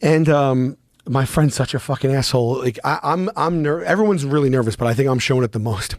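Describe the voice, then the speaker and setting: A man on a podcast telling a story casually, animated and profane, often restarting his sentences. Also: medium pitch, fairly quick, dry recording, studio quality. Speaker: podcast guest.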